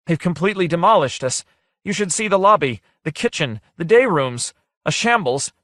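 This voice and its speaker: A panicked manager blurts out complaints in a high, strained voice, voiced by a man reading a storybook. The voice is bright and forceful. The recording is dry. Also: expressive, moderate pace, no room sound. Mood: frantic. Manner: complaining and frantic.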